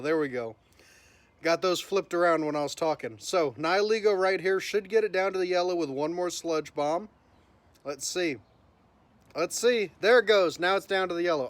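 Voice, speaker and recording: A man's voice: high voice, no room sound. A man hosting his gaming channel, giving upbeat live commentary and narrating each move as it happens. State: voice cracking from early morning.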